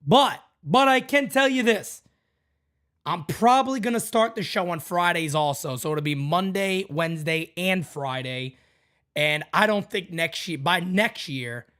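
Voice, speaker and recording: A man hosting a live fan morning show, hyping up and greeting viewers by name, then dropping his voice low to talk seriously. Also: unhurried. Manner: hyped shout-outs to chat, drops low when serious. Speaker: podcast host.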